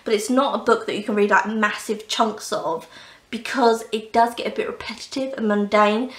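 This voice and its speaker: A woman's voice: medium pitch, fairly bright tone, roomy sound. A young woman chatting enthusiastically on a casual book review vlog, gushing about the books she has read, recorded at home. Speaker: book vlogger. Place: indoors at home, under a blanket.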